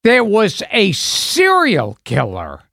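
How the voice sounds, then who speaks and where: A man co-hosting a casual comedy podcast, excitable and laughing, often trailing off mid-thought. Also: sits high, slow, gravelly, no echo. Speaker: podcast co-host.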